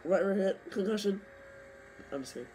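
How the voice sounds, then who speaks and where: A young man commentating his own racing game, excitable and complaining, saying he is losing his voice. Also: high voice, moderate pace, slight background noise. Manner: excitable, complaining, bursts of yelling. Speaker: gaming streamer. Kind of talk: live gameplay commentary.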